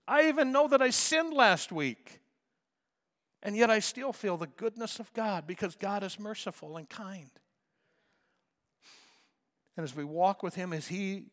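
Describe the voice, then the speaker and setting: A man preaching a sermon as a pastor, swinging from soft asides to loud emphatic calls. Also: mid-range voice, long reverb tail.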